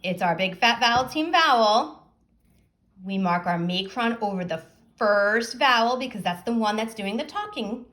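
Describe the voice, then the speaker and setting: A woman teacher giving a phonics lesson, sounding out words slowly and asking young pupils questions. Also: fairly high pitch, lively intonation, a bit bright.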